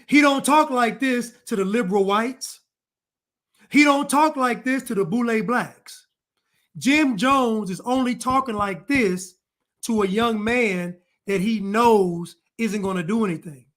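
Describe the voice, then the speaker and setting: Male commentator, high voice, emphatic and repetitive, solo opinion monologue. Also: measured pace, a bit bright. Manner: emphatic and repetitive, hammering points home. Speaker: online commentator.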